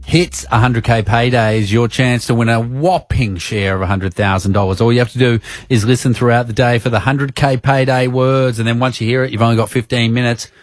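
A man's voice: mid-range voice, fairly quick, no echo, studio quality. A man with an Australian accent hosting a radio show and calling a prize winner, joking and upbeat. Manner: jokey, upbeat banter. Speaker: radio host. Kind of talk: breakfast radio prize call. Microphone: studio microphone.

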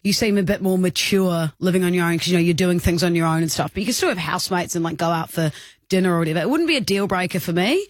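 A woman's voice: fairly low pitch, animated, fast talker, no echo, studio quality. An Australian woman co-hosting a radio show, chatty and teasing in casual banter. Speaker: radio co-host. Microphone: studio broadcast mic.

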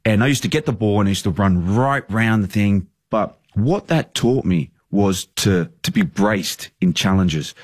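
Casual: aussie guy around 30 rambling on earnestly, lowish voice, dry close mic. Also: breathy edge, no echo. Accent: Australian. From Australia. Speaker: football manager. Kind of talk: casual podcast interview.

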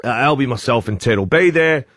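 A man's voice: medium pitch, animated, a little fast, fairly bright tone, slightly rough, no echo, clean studio sound. Australian man telling a radio story. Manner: storytelling, acts out quotes. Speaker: radio breakfast host. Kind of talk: casual radio banter, anecdote. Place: radio studio. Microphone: studio mic.

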